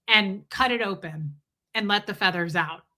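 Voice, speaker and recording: A woman putting on a cold, mean Catholic priest who lands every word with heavy, deliberate weight. His tone stays stern and unkind, and the voice has a bright, sharp edge. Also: high voice.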